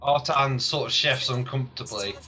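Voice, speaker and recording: A man narrating as game master of a tabletop game, hesitant and halting at times. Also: medium pitch, pushed and bright, a little hiss or hum.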